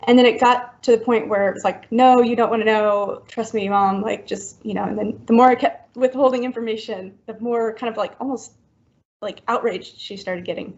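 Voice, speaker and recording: Gravelly-voiced woman, halting and filler-heavy. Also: a little high, fairly even intonation, darkish tone. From Florida, US. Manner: halting, full of likes and ums. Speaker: podcast guest. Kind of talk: personal storytelling in conversation. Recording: dull lo-fi recording.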